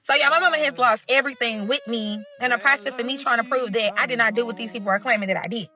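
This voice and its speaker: A woman's voice: on the high side, fast talker, pushed and bright, soft background music. Chatty St. woman telling a story. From St. Louis, USA. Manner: chatty, profane, keeps addressing the audience as y'all. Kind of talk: casual storytime monologue.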